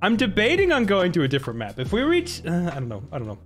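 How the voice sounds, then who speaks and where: A man's voice: high voice, huge pitch swings, quick pace, a bit bright, soft background music. A young man casually commenting on his own gameplay during a live stream, often laughing and exclaiming to his chat. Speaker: gaming streamer.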